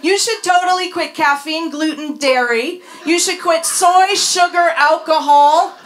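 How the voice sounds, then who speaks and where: A woman's voice: very high voice, a little slow, a bit bright, slight background noise, voice pushed up. A woman voicing a gushing, preachy woman who hands out unwanted advice in a bossy, chirpy way.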